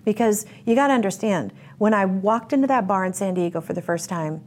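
A woman's voice: mid-range voice, brisk, a little hiss or hum. A woman giving a candid interview, telling her story bluntly and vividly. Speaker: interview guest.

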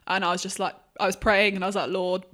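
A woman's voice: mid-range voice, flat delivery, rapid-fire, sharp tone. A young woman co-hosting a podcast, telling a self-deprecating story with lots of "um"s. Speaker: podcast co-host. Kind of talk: casual storytelling.

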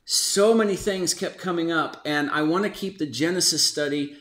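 A man's voice: fairly high pitch, normal speed, a bit bright, reverberant. Chatty man hosting a Bible study. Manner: chatty, laughs often, reads out quotes. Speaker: host of a Bible study podcast. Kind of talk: casual conversational Bible study.

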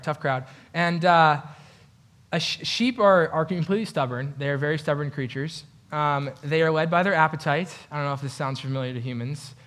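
A man preaching a casual, conversational sermon in a church, animated and given to joking asides. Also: medium pitch. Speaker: pastor.

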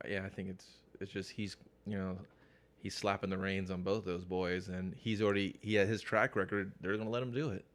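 A man with a lowish voice chats loosely on a comics podcast. He jokes, swears freely and drops into goofy acted-out voices for the people he talks about. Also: little pitch movement, normal speed. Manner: joking, profane, acts out silly quoted voices. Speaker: podcast co-host. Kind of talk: casual comic book podcast chat.

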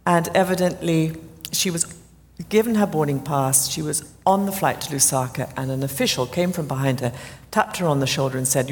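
A woman guest telling a story about her prayer ministry, animated and rising high when excited. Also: brisk, long reverb tail. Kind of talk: storytelling interview.

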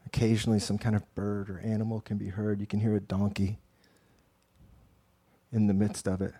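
A man leading a slow, hushed guided prayer meditation, sometimes dropping to a whisper. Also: fairly low pitch, completely flat delivery.

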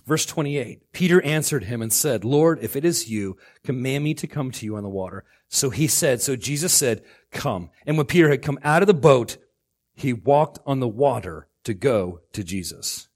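A middle-aged man preaching a sermon as pastor, swinging between loud outbursts and hushed lines. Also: mid-range voice, animated, normal speed.

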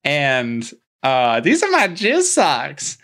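A man putting on the voice of a leering gray ghost man in a high falsetto while recapping a movie. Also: huge pitch swings, fairly bright tone, full character voice. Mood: gleeful. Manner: squealing, falsetto, drawn-out.

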